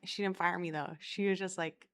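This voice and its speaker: A woman's voice: fairly low pitch, steady tone, normal speed. A young woman from Florida rambling through a casual storytime vlog, chatty and self-mocking, swearing constantly. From Florida, USA. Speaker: vlogger.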